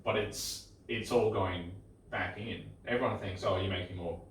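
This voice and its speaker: A man with a very low voice chats bluntly on a podcast and speaks his mind plainly. He is some way from the mic, so the room's heavy echo and a faint hiss of background noise surround him. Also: steady tone, normal speed, distant mic. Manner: blunt, agreeing backchannels. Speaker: podcast co-host. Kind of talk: casual chat.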